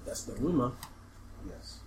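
A man running a tabletop role-playing game, explaining the situation in a relaxed, halting way and laughing often. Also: background noise. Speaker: game master.

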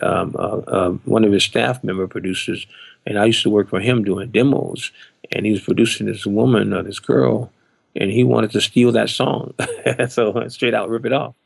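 Gravelly man telling an animated story. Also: on the low side, dry recording. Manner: animated, acts out quoted voices. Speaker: drummer. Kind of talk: anecdotal storytelling.

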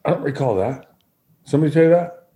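A middle-aged man, a former sports broadcaster, telling relaxed anecdotes as a podcast guest and acting out quotes. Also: a little high, quick pace. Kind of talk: storytelling in a podcast interview.

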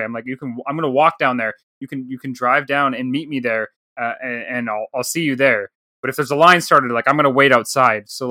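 A man's voice: mid-range voice, no echo, studio quality. A man in his thirties, a podcast co-host, telling a casual story and acting out the dialogue. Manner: animated storyteller, acts out quoted dialogue.

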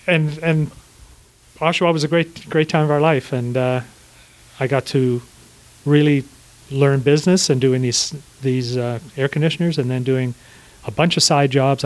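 On a low-quality recording, a small business owner in his sixties chats loosely as a guest on a podcast. He speaks at an ordinary middle pitch and an easy pace, rambling through his stories with lots of fillers, circling back and restarting sentences.

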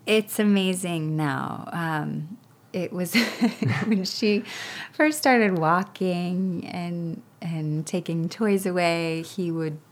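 A woman in her thirties chatting as a guest, telling lively stories and acting out what others said. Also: lowish voice, very slow, hardly any pauses. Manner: animated storytelling with laughs and acted-out quotes. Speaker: guest parent. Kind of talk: casual interview chat.

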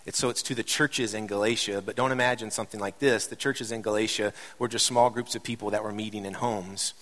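A man's voice: fairly low pitch, fairly even intonation, a little fast, fairly bright tone. A middle-aged man preaching a sermon as a pastor, conversational with light joking asides, building to impassioned emphasis. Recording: reverberant hall.

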